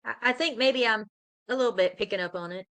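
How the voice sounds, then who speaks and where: A woman student with a bright, smooth voice. She asks her questions hesitantly, with pauses and fillers. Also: on the high side.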